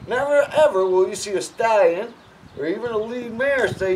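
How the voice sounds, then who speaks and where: A man with a rather high voice gives casual horse-handling advice, blunt and emphatic, often restarting mid-sentence. He swings from low mutters to loud bursts. Faint noise sits behind him. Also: animated, normal speed, poor audio. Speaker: horse trainer. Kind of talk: casual instructional talk.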